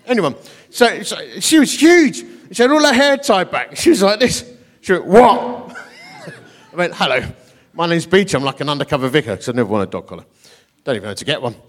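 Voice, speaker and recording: A middle-aged man telling a story from the pulpit, his voice sitting high for a man. He is lively and self-mocking, and he acts out each character's lines as he goes. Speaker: guest preacher. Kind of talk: storytelling sermon.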